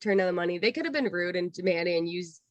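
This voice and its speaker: A young woman in her twenties, a guest on a casual interview, telling a long personal story with lots of "like" and acting out quotes in a higher voice. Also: expressive, quick pace, no echo. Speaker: guest, former theme park cast member.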